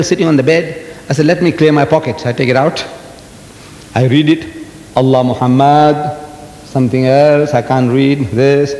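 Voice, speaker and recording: An older man giving an animated religious lecture, telling stories and asking the audience rhetorical questions. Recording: echoey hall with faint rumble.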